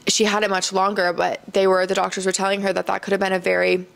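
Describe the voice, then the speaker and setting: A woman's voice: medium pitch, flat delivery, fast talker, creaky. A young woman from Iowa hosting a casual solo podcast, talking candidly with lots of "like" and "um", and laughing often. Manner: chatty, candid, full of fillers, laughs often. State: tearful, choked up. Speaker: podcast host.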